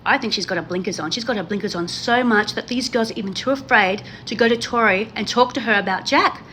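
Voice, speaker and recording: A reality TV commentary host talks casually to the camera about a reality show, gushing, emphatic, and repeating herself for effect. Her voice is a little high and a bit bright, and she talks fast. There's slight background noise.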